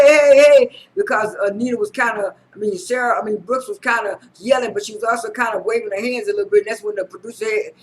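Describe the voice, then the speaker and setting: A man recapping a reality show episode in a casual, halting way, with lots of repeated "and" and "uh" and frequent restarts. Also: high voice, poor audio. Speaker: recap vlogger.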